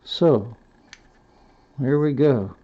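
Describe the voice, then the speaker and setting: A man's voice: medium pitch, drawn-out words, dark tone. A man narrating a hands-on robot build tutorial in a folksy, self-talking way, stopping to correct himself as he works. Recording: dull lo-fi sound.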